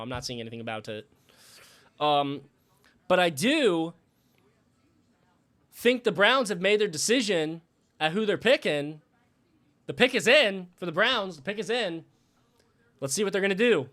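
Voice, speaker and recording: A man's voice: on the high side, fairly bright tone, clear, resonant tone. A man hosting a live stream, giving casual reaction commentary, rambling and thinking aloud while thanking viewers.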